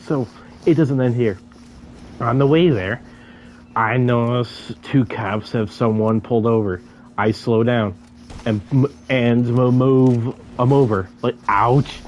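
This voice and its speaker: A man's voice: mid-range voice, steady tone, slow, darkish tone, slight background noise. A young man casually telling a story while gaming, stuttering and repeating sounds, laughing as he goes.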